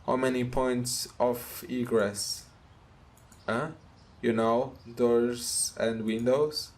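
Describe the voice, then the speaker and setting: A man voicing a gruff, protective mobster who scolds bluntly and swears while reading game dialogue aloud. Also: medium pitch, steady tone, very slow. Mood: questioning.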